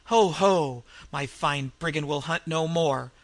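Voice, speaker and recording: A man's voice: a little slow, sharp tone. Man playing a roaring, mad old innkeeper. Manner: roaring, wild laughter, raised pitch. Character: insane vengeful male innkeeper, roaring.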